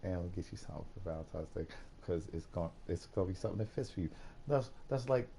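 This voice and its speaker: A man streaming, chatting casually about a movie in an animated, profane way, going from quiet to loud and laughing often. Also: sits low, fast talker, gravelly, slight background noise. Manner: laughs often while talking. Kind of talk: casual chat.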